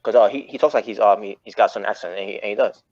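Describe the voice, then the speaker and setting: Rapid-fire and lowish with a darkish tone, this podcast host rambles through a casual wrestling chat, often correcting himself mid-sentence. The recording sounds muffled and lo-fi.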